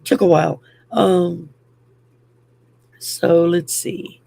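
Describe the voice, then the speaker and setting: An older woman with a French accent hosts a casual livestream, rambling through greetings with plenty of ums and self-teasing. Her voice is deeply gravelly with heavy vocal fry and a raspy, husky edge. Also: fairly even intonation, very slow, dark tone. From France. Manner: rambling, chatty, many ums, laughs at herself. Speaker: host.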